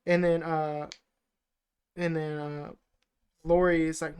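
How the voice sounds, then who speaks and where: Smooth-voiced man rambling a movie recap. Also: a little high, little pitch movement, slow, darkish tone. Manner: rambling, filler-heavy retelling. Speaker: podcast co-host.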